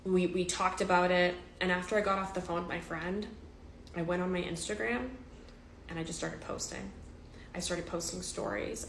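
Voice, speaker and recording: A woman's voice: lowish voice, slight background noise. Emotional woman, echoey storytime. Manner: emotional, repetitive retelling with restarts. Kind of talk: personal storytime vlog.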